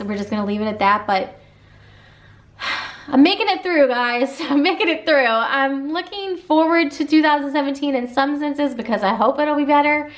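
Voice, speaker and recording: A woman in her thirties talking to camera with a Southern Illinois twang that leans toward Kentucky. Her voice sits a bit high, and she rambles chattily through a casual Q&A with plenty of "um" and "like". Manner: chatty, many fillers and asides. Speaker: vlogger.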